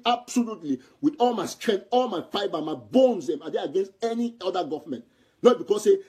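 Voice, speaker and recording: A man's voice: sits high, a little mellow, breathy edge. A man from Southern Cameroon speaking Cameroonian Pidgin English, giving an impassioned political commentary in a heated, repetitive way.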